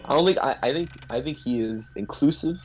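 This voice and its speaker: A man's voice: mid-range voice, a little fast, slight background noise, low-quality recording. A man streaming a game with a friend, joking and laughing often as he chats. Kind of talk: casual gaming stream chat.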